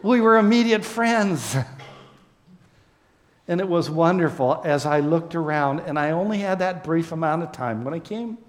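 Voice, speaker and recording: A man preaching a sermon to his congregation as a pastor, speaking earnestly and with deep emotion, and closing with a prayer. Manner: earnest, emotional, slow and heartfelt, addressing the congregation.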